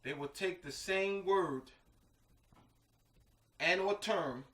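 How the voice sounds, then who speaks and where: A man's voice: sits high, slow, fairly bright tone. A man giving an informal lecture, emphatic and repetitive, full of slang asides like "man" and "you know what I mean". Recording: echoey room, mic at a distance.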